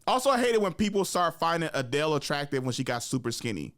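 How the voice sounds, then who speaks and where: Animated podcast host man, dry close mic. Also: a little high, fast talker, no echo. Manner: animated, laughing, worked-up rants; conversational storyteller. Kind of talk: casual podcast chat.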